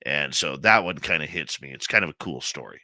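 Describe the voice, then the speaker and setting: Radio host guy, real low voice but bright and sharp, emotional storytelling, dry sound. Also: expressive, fairly quick, no room sound. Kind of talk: conversational interview.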